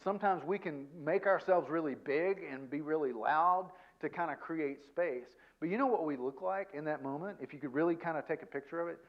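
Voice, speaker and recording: A man giving a conversational seminar talk as a guest counselor, self-deprecating and tagging his points with quick check-ins to the audience. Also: fairly high pitch, highs cut off. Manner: chatty, self-deprecating, peppers points with "okay?" and "right?".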